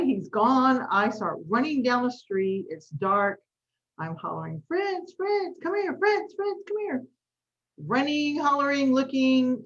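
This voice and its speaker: A woman's voice: mid-range voice, dull audio. Chatty woman coaching host. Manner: chatty, storytelling, says y'all. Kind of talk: casual live-stream talk.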